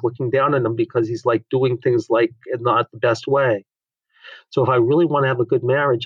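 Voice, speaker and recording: A man's voice: mid-range voice, no room sound, muffled recording. A man who teaches the Enneagram in frank, emphatic conversation, swearing now and then.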